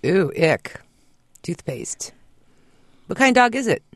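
Man, dog trainer, chatty, asks questions, higher gravelly voice. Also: big pitch swings, slow, dry recording. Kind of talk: radio call-in advice.

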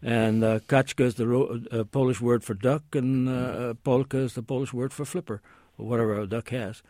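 A man's voice: medium pitch, fairly even intonation, moderate pace, mellow, no echo, studio quality. A man who is a guest language expert on a call-in radio show, explaining at length with many hesitations and asides.

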